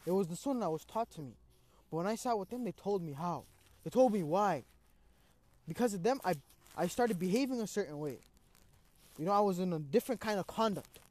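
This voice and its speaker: A man's voice: high-pitched, fairly quick, pauses often. A young man in casual conversation, telling a personal story with street slang and lots of "bro", acting out his own reactions. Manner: animated, acts out his own cries.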